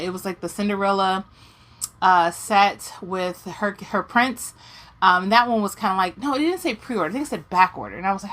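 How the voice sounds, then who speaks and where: A young woman talks straight to her viewers in a casual, rambling rant. She tells her story with lots of energy and plays out her own reactions as she goes. Her voice sits at an ordinary middle pitch. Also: lively intonation, fairly quick, a bit bright. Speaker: doll collector vlogger.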